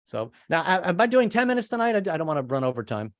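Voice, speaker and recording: A man's voice: fairly high pitch, big pitch swings, quick pace, no room sound. Male stand-up comic, rambling delivery with frequent restarts, dry close mic. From American, family from Kentucky. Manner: rambling, repeats words, acts out voices. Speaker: stand-up comedian. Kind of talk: stand-up comedy set.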